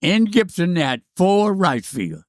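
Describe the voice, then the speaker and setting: A man's voice: high voice, big pitch swings, a little slow, dry recording, studio quality. A man, telling old stories as a podcast guest, rambling and repeating words as he goes. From South Louisiana. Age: 90s. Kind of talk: casual storytelling interview.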